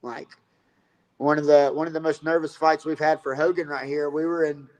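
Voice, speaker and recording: A man's voice: a little high, little pitch movement, normal speed, a little mellow, rough recording. A man telling a rambling, profane story about fighting and coaching in a casual interview.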